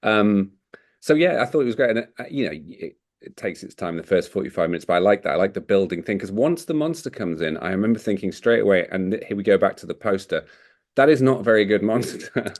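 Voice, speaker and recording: A man's voice: fairly low pitch, lively intonation, fast. A man co-hosting a podcast, chatting loosely about a film, rambling and laughing often. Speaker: podcast co-host. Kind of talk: casual film discussion.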